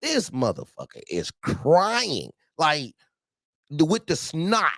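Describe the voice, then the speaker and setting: A man tells a story over CB radio with a lively, swooping voice and a gravelly edge. He curses often, repeats his points for emphasis, and stays animated throughout. His voice sits a little high for a man and sounds dry and close. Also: slow, no room sound. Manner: animated, profane, repeats himself. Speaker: truck owner telling a story.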